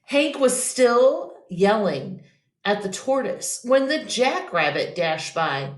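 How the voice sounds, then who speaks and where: Woman, teacher, picture book read-aloud, expressive, slow pace, echoey room. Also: mid-range voice.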